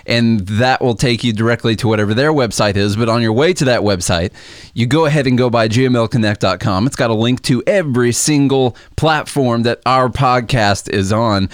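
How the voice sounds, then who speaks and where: A man's voice: mid-range voice, moderate pace, no echo, studio quality. A man hosting a casual podcast, joking with his co-host and plugging the show.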